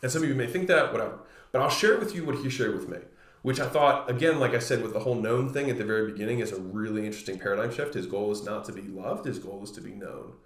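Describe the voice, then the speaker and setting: A man in his thirties hosting a podcast, talking in a relaxed, chatty way full of "like" as he retells a conversation. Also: lowish voice, fast. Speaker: podcast host. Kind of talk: casual solo monologue. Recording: roomy echoey room.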